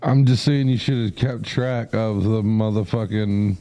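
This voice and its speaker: Gravelly low-voiced joking man. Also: steady tone, measured pace, mellow. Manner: slangy, profane, joking. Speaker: podcast co-host. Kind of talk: casual live-stream chat.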